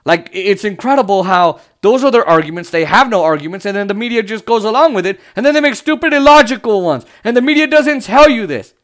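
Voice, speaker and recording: A man's voice: high voice, lively intonation, fast talker, few pauses, fairly bright tone. A man from the United States giving heated, sarcastic political commentary, swearing often as he rants.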